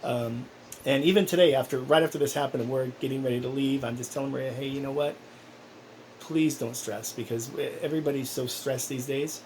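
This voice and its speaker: A man's voice: mid-range voice, fairly even intonation, brisk, darkish tone, a little hiss or hum, low-quality recording. A man talking casually in a personal vlog, rambling and earnest, with many restarts. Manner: earnest, encouraging. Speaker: vlogger.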